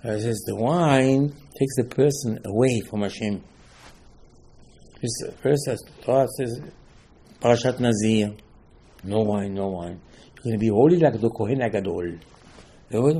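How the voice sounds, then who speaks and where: A man giving a Torah class as a rabbi, in halting, with emphatic restarts. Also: mid-range voice, mellow, husky. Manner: non-native English, halting restarts, rising emphasis.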